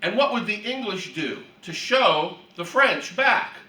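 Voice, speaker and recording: A man teaching a Bible class who tells stories with lively energy and often clears his throat. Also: sits high, measured pace. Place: room for a church class. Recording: echoey room, distant mic.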